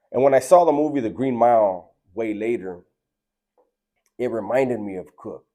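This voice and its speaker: Laid-back man, dark voice. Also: mid-range voice, moderate pace. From Southern California. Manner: laid-back, slangy, earnest. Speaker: storyteller. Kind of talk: casual personal storytelling.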